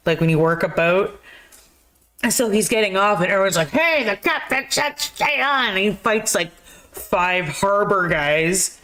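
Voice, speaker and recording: A woman's voice: lowish voice, a bit bright. Chatty woman rambling through a movie recap. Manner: rambling, laughing retelling with filler words. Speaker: podcast co-host. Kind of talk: casual movie chat.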